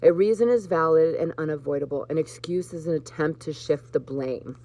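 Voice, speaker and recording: Low-voiced woman reading spiritual cards. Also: normal speed. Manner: warm, emotional, choked up with laughter at times. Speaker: host. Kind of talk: live card reading for viewers.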